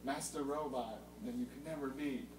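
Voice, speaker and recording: A young man hosting a casual chat about video games, informative and a little halting with fillers. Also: medium pitch. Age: young adult. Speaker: host. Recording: roomy, distant mic with loud hum.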